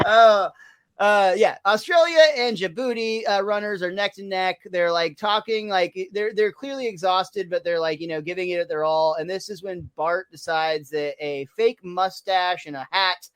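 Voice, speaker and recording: A man's voice: sits high, moderate pace, a bit bright, smooth. A man co-hosting a podcast, chatting loosely about an episode with lots of fillers and laughter. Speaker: podcast co-host. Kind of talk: casual chat recapping an episode.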